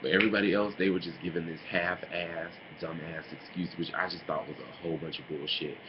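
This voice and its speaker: A man in a casual opinion vlog, talking in a sassy, animated way and mocking others with put-on impressions. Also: low voice, brisk. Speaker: vlogger. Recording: dull lo-fi home recording with noise.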